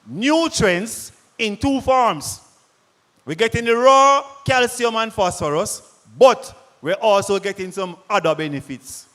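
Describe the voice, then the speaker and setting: A Jamaican man with a notably high voice, presenting farm products to a big audience. He talks with punchy energy and keeps quizzing the crowd. His voice rings out with the long reverb of a large hall. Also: animated, a little slow, a bit bright. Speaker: product presenter at a farmers' forum. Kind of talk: lively sales presentation to a live audience.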